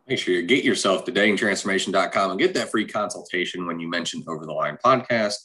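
A man's voice: low-pitched, fast, sharp tone. A man co-hosting a podcast in casual chat, making laid-back, dry remarks. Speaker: podcast co-host.

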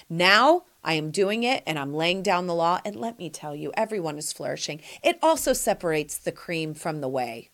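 A woman's voice: fairly low pitch, fairly bright tone. A woman in her forties hosting a podcast, giving sassy, emphatic advice straight to her listeners in casual chat. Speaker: podcast host answering listener questions.

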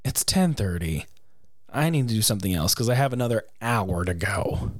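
Male co-host, wry joker, expressive swings, dry close mic. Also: lowish voice, moderate pace, no room sound. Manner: wry, joking, swears casually. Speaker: podcast co-host. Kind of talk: casual chat about a film musical.

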